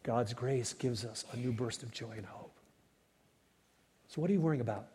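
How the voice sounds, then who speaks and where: A man preaching a sermon as pastor, rising to loud cries and falling to hushed whispers. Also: medium pitch, normal speed, slight background noise. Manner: dynamic preaching, swells loud then drops to whispers. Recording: long hall reverb.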